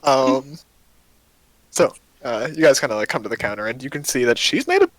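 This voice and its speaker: A man's voice: mid-range voice, lively intonation, fairly quick, dry recording, poor audio. A man narrating as game master of a tabletop game, rambling with lots of fillers and joking about himself.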